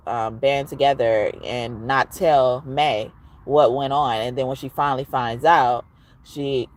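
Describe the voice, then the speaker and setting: A woman giving a casual, expressive tarot reading, at times reciting rhymes. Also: very deep voice. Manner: expressive, chatty, rhyming recital. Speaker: tarot reader.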